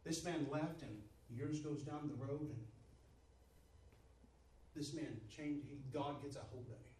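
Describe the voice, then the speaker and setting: A man preaching a sermon as storytelling, soft and drawn out, building to shouted repetition. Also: mid-range voice, a little slow, slight background noise. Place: church sanctuary. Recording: echoey hall from far off.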